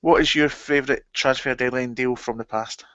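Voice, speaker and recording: A man's voice: medium pitch, fairly even intonation, moderate pace, a bit bright, dry recording. A man co-hosting a casual livestream, talking hesitantly with many ums. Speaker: livestream co-host. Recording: dull, lo-fi dry sound.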